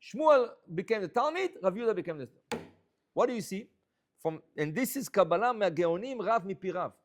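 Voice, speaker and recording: Animated rabbi teaching a Torah class. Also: male voice, high-pitched, fairly quick, slight background noise. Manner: animated, mixes Hebrew and Aramaic terms.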